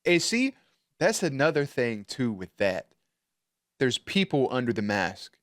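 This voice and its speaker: A man's voice: mid-range voice, big pitch swings, measured pace, fairly bright tone, dry recording, clean studio sound. A man hosting a reaction video, swearing and laughing as he comments on a show. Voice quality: profane, laughs often.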